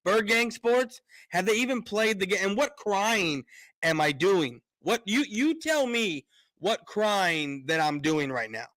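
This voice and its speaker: A man's voice: high-pitched, lively intonation, measured pace, a bit bright, no room sound. A man ranting on a casual sports live stream, fired up, repeating words and restarting his sentences often.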